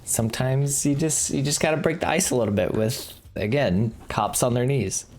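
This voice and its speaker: A woman's voice: very deep voice, expressive, normal speed, darkish tone. A woman running a tabletop game, chatting in a laid-back way and chuckling often. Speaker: game master. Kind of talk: casual chat.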